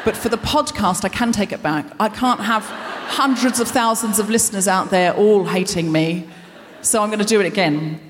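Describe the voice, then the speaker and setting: A woman's voice: medium pitch, normal speed, noisy background. Self-deprecating woman host, stand-up monologue. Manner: self-deprecating, rambling asides. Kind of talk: live stand-up comedy monologue. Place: large concert hall, live audience. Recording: reverberant large concert hall.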